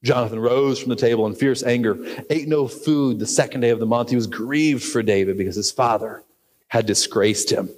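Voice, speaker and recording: A pastor preaching a sermon, telling the story earnestly and asking questions of the congregation. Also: male voice, mid-range voice, brisk, a little mellow. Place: church sanctuary. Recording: reverberant church hall.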